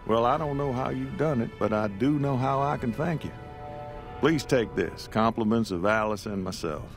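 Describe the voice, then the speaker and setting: A man's voice: medium pitch, normal speed, natural voice. Guy doing tired old-timey rancher from a game, folksy drawl, faint music under it. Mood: weary. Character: weary middle-aged male rancher in a small desert town. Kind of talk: video game character dialogue.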